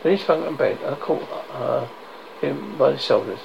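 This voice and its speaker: A man reading a horror story aloud as a storyteller, in a measured way with stumbles and restarts. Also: medium pitch, creaky. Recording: dull lo-fi noisy recording.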